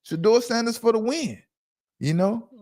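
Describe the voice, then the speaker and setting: A man hosting a casual sports talk livestream from home, loud and brash, trash-talking his commenters. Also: very high voice, lively intonation, moderate pace. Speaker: podcast host.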